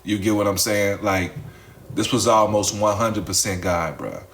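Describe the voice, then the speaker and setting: Man with a lowish voice, casual storyteller, talks straight to the audience and repeats himself. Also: measured pace, a bit bright, slight background noise. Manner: repeats phrases, addresses the audience directly, swears freely. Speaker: storyteller addressing followers.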